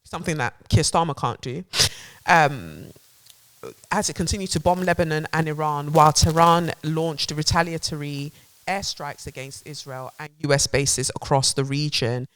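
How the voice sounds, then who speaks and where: A woman, hosting a podcast, reading headlines aloud and riffing on them in a sarcastic, animated rant with plenty of swearing. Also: deep voice, normal speed. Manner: reads headlines aloud then riffs on them. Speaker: podcast host. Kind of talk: ranting news commentary.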